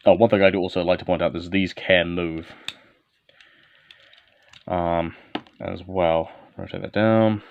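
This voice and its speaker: Handling and transforming a figure for a casual toy review, a man narrates short, step-by-step instructions. He speaks unhurriedly in a low, gravelly yet smooth voice with fairly even intonation and long pauses. The audio is dry, dull and lo-fi.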